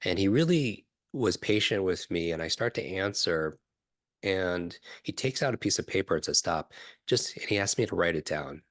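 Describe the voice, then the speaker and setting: A middle-aged man, a podcast guest, telling a personal story in an animated way, acting out what others said and often asking "right?". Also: deep voice, normal speed, dry recording, studio quality. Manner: animated storyteller, acts out quoted voices, frequent "right?". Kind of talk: storytelling in a conversational interview.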